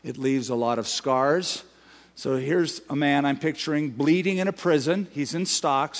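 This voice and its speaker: A male pastor preaching a sermon, swinging between loud emphasis and quiet, drawn-out phrases. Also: medium pitch. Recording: long hall reverb.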